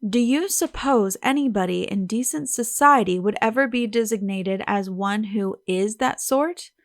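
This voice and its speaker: A woman reading as a brisk young gentleman sleuth. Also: medium pitch, no echo, clean studio sound, natural voice. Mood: urgent.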